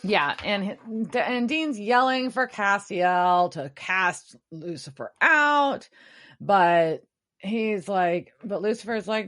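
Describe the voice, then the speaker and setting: A woman co-hosting a podcast in casual chat, recapping and quickly acting out characters' lines. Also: medium pitch. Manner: acts out characters' lines in quick, animated quotes. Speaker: podcast co-host.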